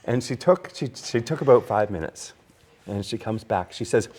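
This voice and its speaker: A man's voice: lowish voice, animated, normal speed, darkish tone, husky. A man hosting a casual whiskey tasting chat, rambling like a storyteller with many restarts. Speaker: podcast host.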